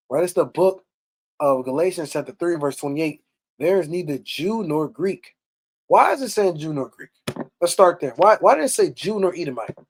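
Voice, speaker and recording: Man preaching, bible study, blunt, scolding, rhetorical questions, reads verses aloud. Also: fairly high pitch. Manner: blunt and scolding, with mild swearing. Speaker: bible teacher. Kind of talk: scripture teaching sermon.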